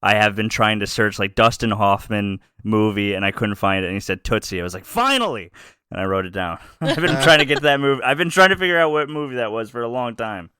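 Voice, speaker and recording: A man's voice: lowish voice, fast talker, few pauses, sharp tone, clear, resonant tone, no echo, studio quality. A man co-hosting a podcast, chatting casually, joking and laughing often. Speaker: podcast co-host.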